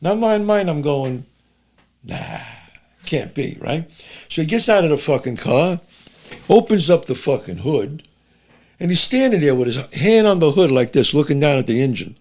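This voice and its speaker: An older man with a New York accent, guesting on a studio podcast. His voice sits a touch high for a man and swings widely as he tells stories, and he swears freely while acting out other people's lines. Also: moderate pace. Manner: animated, swearing, acts out characters' lines. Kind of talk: casual storytelling chat.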